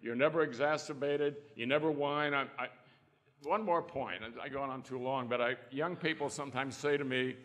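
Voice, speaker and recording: A man's voice: medium pitch, normal speed, fairly bright tone. An older man, a trial lawyer on a panel, telling folksy anecdotes and acting out the quotes. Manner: folksy storyteller who acts out quotes. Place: conference hall. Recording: long reverb in a conference hall.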